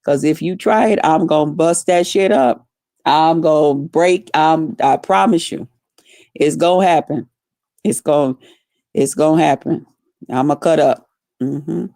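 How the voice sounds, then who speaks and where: A woman vlogger telling a story in a profane, animated, dramatic way, casual and blunt. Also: sits low, measured pace, no room sound, studio quality.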